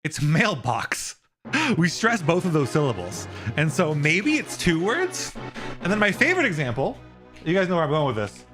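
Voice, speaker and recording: A man's voice: a little high, wildly swooping pitch, a little fast, music in the background. A young man streaming live, casually explaining a topic and answering his viewers' chat.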